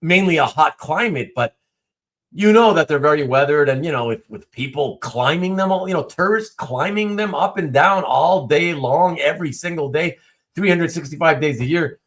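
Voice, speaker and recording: Middle-aged male stream host, rambling casual chat, voice a bit on the high side, lots of ums and restarts. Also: expressive, normal speed, fairly bright tone. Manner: rambling, many fillers and restarts. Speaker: livestream host. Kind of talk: casual chat reading live comments.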